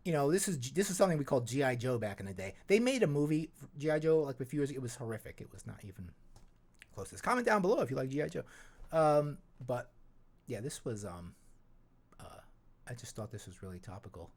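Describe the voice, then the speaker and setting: A man's voice: mid-range voice, big pitch swings, fast, darkish tone. A man hosting a podcast in a casual, rambling chat, with many restarts and fillers. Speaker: podcast host.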